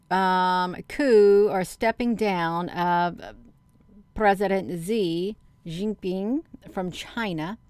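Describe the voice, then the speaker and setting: A woman's voice: lowish voice, smooth, no room sound. A woman chatting casually to her viewers, rambling through online rumors with lots of fillers, calling them "you all.". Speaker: vlogger.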